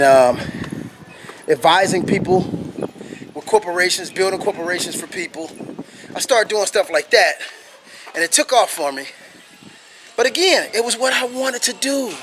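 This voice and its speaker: Higher-voiced man vlogging outdoors, a bit breathless. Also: slight background noise. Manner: animated, laughs often, acts out what people said. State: slightly out of breath. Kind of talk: casual storytelling monologue. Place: outdoors, walking uphill.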